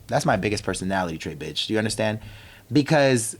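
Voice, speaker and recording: A young man with a somewhat low voice rants casually as a podcast host. He is brash and profane and keeps breaking off mid-thought. He grew up in Virginia. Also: very animated, fast talker. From Virginia, United States. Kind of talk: casual ranting monologue.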